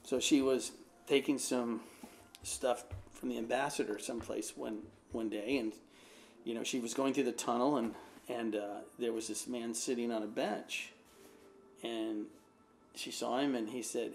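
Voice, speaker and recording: A man's voice: medium pitch, steady tone, unhurried, creaky, a little mellow, faint music behind. A man, an American pastor, telling a rambling personal anecdote in a casual way, with lots of fillers. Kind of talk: casual storytelling.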